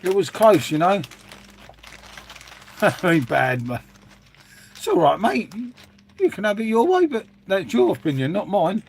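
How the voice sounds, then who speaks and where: A man hosts a relaxed livestream from home and chats with his viewers as he goes. His talk wanders from one thought to the next, and he calls people mate. His voice sits a little high for a man. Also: unhurried, pauses often, slight background noise. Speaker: livestream host reading chat. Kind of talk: casual chat with live viewers. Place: at home making a hot drink.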